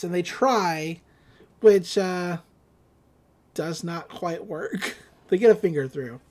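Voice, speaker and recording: A woman hosting a podcast, recapping a cartoon episode in casual chat, with frequent laughs and quick quoted asides. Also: lowish voice, darkish tone. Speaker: podcast host.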